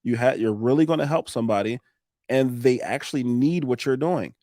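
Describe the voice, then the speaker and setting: A man guesting on a podcast, talking in a lively coaching way with frequent restarts and laughs. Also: mid-range voice, fairly quick, dry recording, clean studio sound. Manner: animated, coaching tone, laughs often, restarts sentences. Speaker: podcast guest, roofing business owner. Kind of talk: casual podcast chat.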